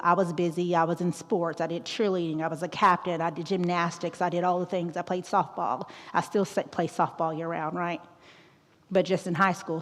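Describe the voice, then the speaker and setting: Outgoing joking woman in an echoing auditorium. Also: fairly low pitch. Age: 30s. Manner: outgoing, joking, keeps asking "right?". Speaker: guest presenter. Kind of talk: school talk on mental health. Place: large auditorium. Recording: long echo of an auditorium.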